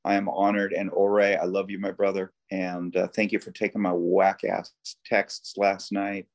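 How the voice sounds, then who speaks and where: A man sharing earnestly and haltingly at a recovery meeting over a video call. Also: sits low, completely flat delivery.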